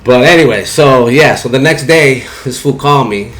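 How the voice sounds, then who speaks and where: A man's voice: mid-range voice, moderate pace, a bit bright. A man casually telling a rambling, profane story in heavy slang, often saying "you know what I'm saying". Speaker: barber telling a story on a podcast.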